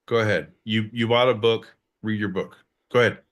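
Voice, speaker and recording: Low-voiced guy on a podcast, swears a lot, teasing and fed up with his cohost. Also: steady tone, a little fast. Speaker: podcast co-host. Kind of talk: casual banter.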